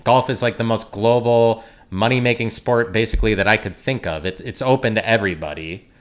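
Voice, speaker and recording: A man's voice: on the low side, brisk. A man hosting a podcast, ranting in an exasperated, sarcastic tone. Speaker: podcast host. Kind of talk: opinionated solo rant.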